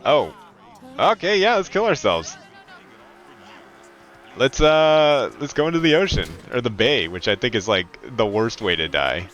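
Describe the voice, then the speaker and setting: Animated, profane man streaming a game. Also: medium pitch, measured pace, pauses often, highs cut off. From California. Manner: animated, profane, slips into loud mocking voices. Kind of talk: casual gaming commentary.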